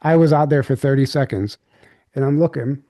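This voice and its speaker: A man speaking as an interview guest, winding through a story with lots of fillers and false starts. His voice is mellow and dark in tone. The sound is dry and close, with no room around it. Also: mid-range voice, brisk, no room sound. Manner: rambling, filler-heavy recounting with many restarts. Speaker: podcast guest. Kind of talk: candid storytelling.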